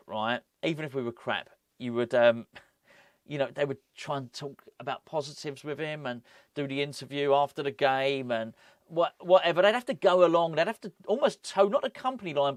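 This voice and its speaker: A man hosting a casual football vlog, rambling and animated, often breaking off with laughs. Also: a little high, dry recording, studio quality. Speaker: football fan channel host.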